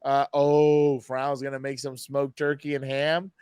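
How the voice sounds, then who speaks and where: A man's voice: medium pitch, completely flat delivery, measured pace, a little mellow, clear, resonant tone, dry recording, clean studio sound. A man co-hosting a casual sports podcast in a laid-back, joking way. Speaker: podcast co-host.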